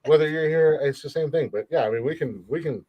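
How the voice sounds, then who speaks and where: A man's voice: fairly high pitch, quick pace, muffled recording. Rambling, joking male podcast co-host. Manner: rambling, repeats words, jokey. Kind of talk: casual comedy chat.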